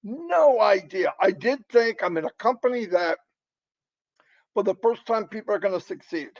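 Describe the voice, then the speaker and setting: A middle-aged man giving an impassioned motivational talk, emphatic and excitable, often repeating himself. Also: sits high, moderate pace, muffled recording. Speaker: motivational speaker.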